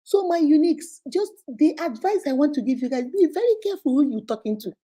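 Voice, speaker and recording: High-voiced Nigerian woman giving animated advice. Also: quick pace. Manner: animated, laughs often, acts out phone calls. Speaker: host of an advice session. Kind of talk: casual live advice chat.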